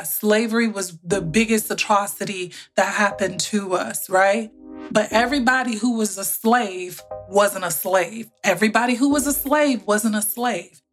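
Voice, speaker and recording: A woman hosting a motivational podcast, telling stories in a lively, colloquial way and speaking straight to her listeners. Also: medium pitch. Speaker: podcast host and business coach.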